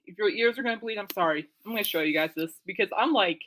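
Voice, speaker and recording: Bright chatty woman rambling on her live podcast, lots of um and like, exclaims a lot. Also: mid-range voice, fast, rough recording. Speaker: podcast host. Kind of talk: casual live-stream chat.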